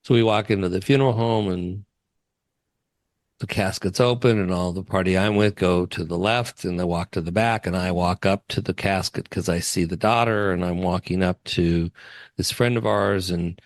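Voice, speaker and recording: Deep-voiced advisor guy chatting, tells stories and laughs a lot, dry close mic. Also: steady tone, moderate pace, no room sound. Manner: chatty storyteller, laughs easily. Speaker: wealth advisor. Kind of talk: casual interview chat.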